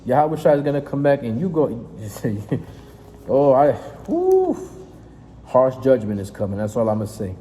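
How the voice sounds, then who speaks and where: A man preaching in a fiery, confrontational sermon, reading scripture aloud and breaking off into profane, emphatic asides with a steady "right?". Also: medium pitch, fast, few pauses. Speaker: street preacher. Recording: reverberant space with faint noise.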